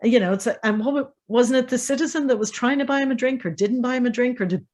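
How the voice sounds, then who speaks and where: Animated middle-aged Irish woman. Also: fairly high pitch, fast. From Ireland. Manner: animated storyteller, quotes pub talk. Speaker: podcast guest. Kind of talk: casual literary discussion.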